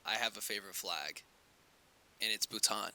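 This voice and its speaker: A man's voice: on the low side, moderate pace, over loud music. A man eagerly explaining a fact in a comedy interview.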